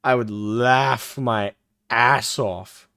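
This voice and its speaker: A man's voice: medium pitch, steady tone, extremely slow, creaky, pushed and bright, no echo, clean studio sound. A male live-stream host reacting to a clip, profane and mocking, laughing often as he talks.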